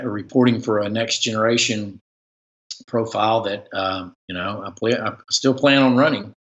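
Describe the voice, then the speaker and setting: A man's voice: fairly low pitch, fairly bright tone, highs cut off. A man hosting a casual live-stream chat as a sports reporter, rambling with many fillers and restarts.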